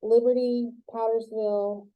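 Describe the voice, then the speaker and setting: The sound is phone-quality as a woman with a fairly high, fairly flat voice unhurriedly teaches a college web design class. She keeps it chatty and joking, acting out both sides of the conversations in the stories she tells.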